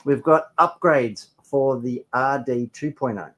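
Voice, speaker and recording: A man's voice: medium pitch, a little slow, fairly bright tone. A young man with a playful, enthusiastic manner, presenting hobby products in a casual chat.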